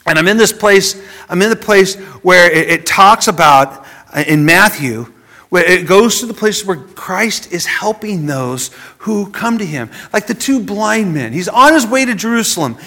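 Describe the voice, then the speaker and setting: A man preaching a sermon, dropping from loud emphasis to a hushed near-whisper and often repeating words as he goes. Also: sits high, animated, a little slow. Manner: repeats words as he searches for phrasing.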